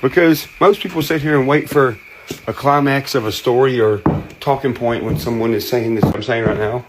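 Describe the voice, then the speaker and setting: A man's voice: mid-range voice, moderate pace, noisy background. Blunt Southern man, folksy talk. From American South. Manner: blunt, folksy, plain-spoken. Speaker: host. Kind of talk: casual monologue.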